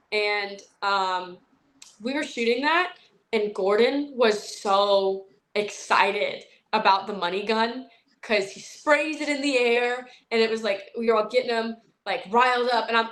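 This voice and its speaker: Young woman actress, casual interview guest, chatty and animated, plenty of um and like. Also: fairly high pitch, a little slow. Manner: chatty, animated storytelling with many fillers.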